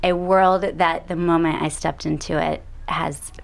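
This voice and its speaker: Texan woman with a creaky voice. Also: on the low side, fairly even intonation, a little slow. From Texas. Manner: chatty, rambling with fillers and restarts. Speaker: podcast co-host. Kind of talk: casual chat.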